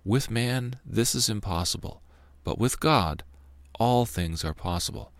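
Man voicing a calm grave male teacher, unhurried, low gravelly voice, dry sound. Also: no echo. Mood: solemn.

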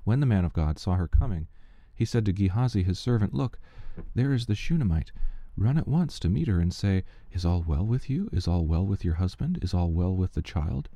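Deep, dark-voiced man reading scripture. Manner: steady, measured reading with small slips and restarts. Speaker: scripture reader. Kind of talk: unhurried Bible reading.

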